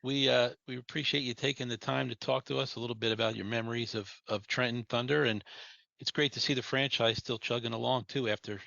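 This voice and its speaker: A man's voice: medium pitch, steady tone, quick pace, vocal fry, bright, forceful tone, dry recording. A man hosting an interview, easygoing, prompting his guests with questions and laughing along. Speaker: interviewer, team executive. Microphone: video call. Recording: dry, dull video-call audio.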